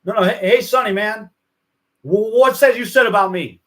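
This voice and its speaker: Man doing a moody Elvis, drawling "man" a lot, higher and louder. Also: normal speed. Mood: annoyed. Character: Elvis as a moody, hot-tempered star.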